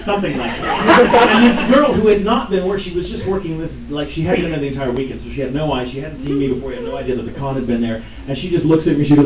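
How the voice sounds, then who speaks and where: A man on a convention panel, telling joking stories with an animated delivery and laughing often. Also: fairly high pitch, rapid-fire, few pauses, background noise. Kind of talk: panel talk, comic anecdotes. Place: large convention hall with audience. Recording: echoey hall from far off, muffled, loud crowd.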